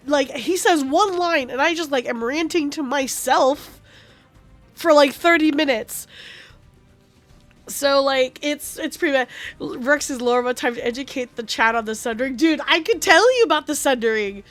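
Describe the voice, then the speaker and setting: A woman's voice: high voice, normal speed, a bit bright, dry recording, soft background music. A woman streaming a game, chatting casually in a rambling, profane and passionate way. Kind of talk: casual gaming stream chat.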